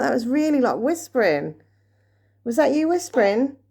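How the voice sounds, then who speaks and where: A woman vlogging a paranormal session at home, talking quietly and nervously as she calls out questions to spirits. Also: sits high, very animated, normal speed, creaky, husky. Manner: hushed, nervous, asking questions into the dark. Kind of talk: ghost-hunting session vlog.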